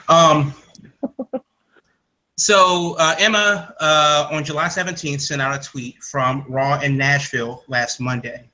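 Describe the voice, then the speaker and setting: Male podcast host, bright voice, slightly high, opinionated, casual. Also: steady tone, low-quality recording. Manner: quick, opinionated, jokey.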